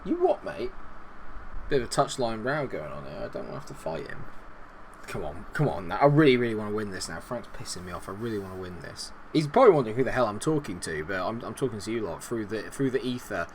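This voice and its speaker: A man commentating a football management game, chatty and easily excited. He talks straight to his viewers over a faint background hiss. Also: lowish voice, fast talker, hardly any pauses. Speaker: gaming video host.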